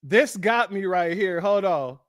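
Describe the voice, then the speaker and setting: A man's voice: high-pitched, animated, measured pace, no echo, clean studio sound. A man hosting a casual reaction stream, laughing and speaking to his viewers as family. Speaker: commentary host.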